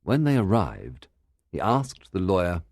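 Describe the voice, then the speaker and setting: A man narrating a story for English learners in a clear, measured reading style. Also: low voice, sing-song, darkish tone, no room sound, clean studio sound.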